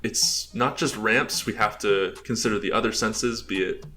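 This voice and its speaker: A man's voice: on the low side, fairly even intonation, moderate pace, sharp tone. An American man giving a casual, rambling walkthrough presentation, full of filler words and chuckles. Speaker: presenter showing his game build.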